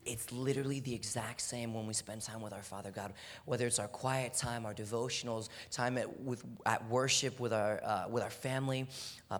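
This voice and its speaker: A young man from Houston, preaching earnestly, sometimes dropping to a hushed voice. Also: mid-range voice. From Houston, Texas. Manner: earnest, animated preaching with soft, hushed moments. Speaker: speaker. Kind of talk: sermon. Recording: long hall reverb.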